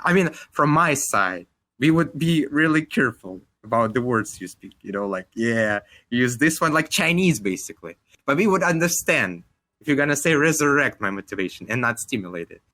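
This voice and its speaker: Bright-voiced young Russian-accented man. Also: mid-range voice, animated, moderate pace. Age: 20s. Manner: rambling, heavy use of "like", casual swearing. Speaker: podcast co-host. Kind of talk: casual podcast chat.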